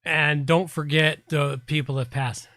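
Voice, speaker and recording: A host with a Canadian accent in casual live chat, slow and halting, often restarting words. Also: mid-range voice, steady tone, a bit bright, no echo.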